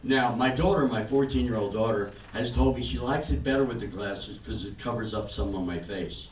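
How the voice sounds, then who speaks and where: An older man performing a stand-up set, telling stories in a deadpan way and acting out the other people in them. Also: mid-range voice, normal speed. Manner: deadpan storytelling with acted-out quotes. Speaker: stand-up comedian. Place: comedy club stage. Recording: roomy club sound from a distance. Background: audience laughter and room noise.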